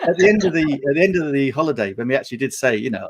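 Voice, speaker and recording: A middle-aged Englishman, chatting casually on a live video panel. He tells long, rambling stories and laughs often as he goes. His voice sits at an ordinary, mid-range pitch. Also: expressive, very fast, over a noisy crowd. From England. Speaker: panel guest. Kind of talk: casual chat.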